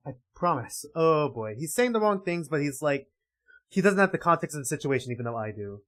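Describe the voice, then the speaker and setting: Excitable male streamer, lively swearing reactions, animated pitch. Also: brisk. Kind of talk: casual livestream reading commentary.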